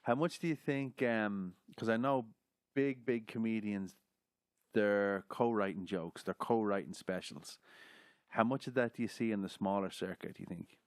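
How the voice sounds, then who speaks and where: A man's voice: on the low side, normal speed, dry recording, studio quality. A man hosting a podcast, asking easygoing questions and agreeing often in casual chat. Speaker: podcast host.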